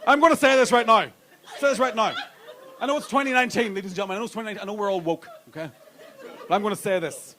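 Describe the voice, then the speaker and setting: A man's voice: sits high, very fast, sharp tone, some chatter behind. A male stand-up comedian telling crude stories on a comedy club stage into a handheld mic. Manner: brash, crude storytelling. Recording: live club with audience noise.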